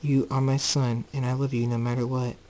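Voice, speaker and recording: A man voicing a fierce winged mother in a homemade storybook reading, shrill when angry. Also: little pitch movement, brisk, darkish tone, natural voice, poor audio. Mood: tender.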